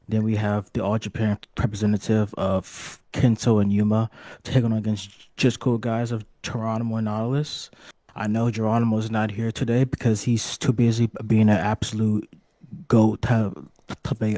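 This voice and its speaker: A man hosting a comedic mock wrestling press conference, rambling and halting, with bursts of swearing. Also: lowish voice, mellow, no room sound. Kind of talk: comedic hobby role-play.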